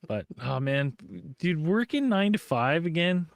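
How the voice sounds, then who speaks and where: A man's voice: a little high, measured pace, creaky, no room sound. A man co-hosting a casual podcast chat, telling stories with lots of laughing and swearing. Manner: animated storyteller, heavy swearing, laughs often. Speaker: podcast co-host.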